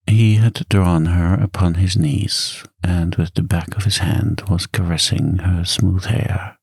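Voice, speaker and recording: A man narrating a novel in a calm, soft-spoken ASMR bedtime reading, close to the mic. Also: low-pitched, gravelly, slightly rough, dry recording. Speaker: audiobook narrator.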